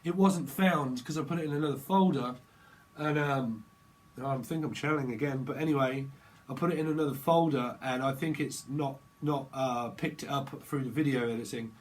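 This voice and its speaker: A man's voice: medium pitch, normal speed, poor audio. A man giving a rambling tarot reading, free-associating from word to word. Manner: rambling, free-associating, breaks into laughter and voices. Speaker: tarot reader.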